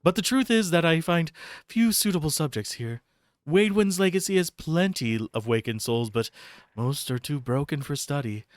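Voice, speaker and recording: A man's voice: on the low side, expressive, racing, gravelly, hardly any pauses, no echo, clean studio sound, pitched below the performer's own voice. A man voicing an earnest woman scholar who studies souls, in formal speech with a wavering put-on foreign accent. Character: fussy woman scholar of soul science, earnest. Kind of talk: reading game dialogue aloud.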